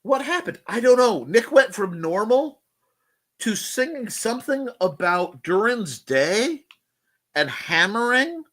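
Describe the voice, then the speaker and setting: Animated, playful man hosting a chat show. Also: sits high, takes it slowly. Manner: playful, slips into silly voices. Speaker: host. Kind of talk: casual live-show chat.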